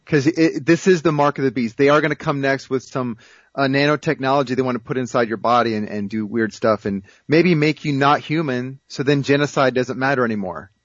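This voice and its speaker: A man from the United States talking as a guest in an interview, in a mid-pitched voice. He speaks emphatically and insistently. The sound is dry and muffled, like lo-fi audio. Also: brisk, no room sound. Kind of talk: talk show interview.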